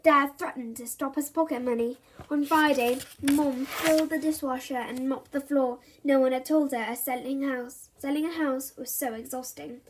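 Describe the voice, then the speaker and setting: A woman reading a children's chapter book aloud with expressive, playful narration. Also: high voice, moderate pace. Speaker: reader.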